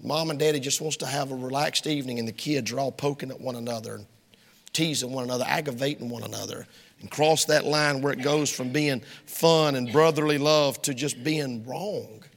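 Gravelly preacher in a reverberant hall. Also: male voice, medium pitch, fairly quick. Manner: folksy, emphatic, swings between shouting and hushed. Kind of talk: sermon. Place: church sanctuary.

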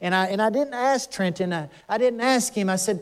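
An older pastor preaches earnestly and emotionally, his pitch rising when he's stirred and his sentences often breaking off to restart. He talks briskly with few pauses.

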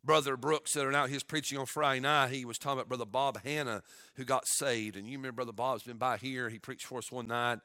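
A male pastor preaching a sermon, moving between quiet storytelling and loud, shouted exhortation. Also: mid-range voice, fairly even intonation, fast talker, dry recording, clean studio sound.

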